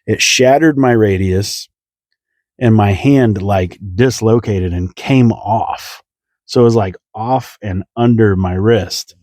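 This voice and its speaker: A man's voice: on the low side, dark tone, no room sound, clean studio sound. A man, a comedian hosting his own podcast, telling a rambling comic story and chuckling now and then.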